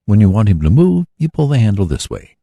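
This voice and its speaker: Eager young inventor, read by a man, deep voice, lively pitch, brisk, storybook reading. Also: creaky, slightly rough, no echo, full character voice.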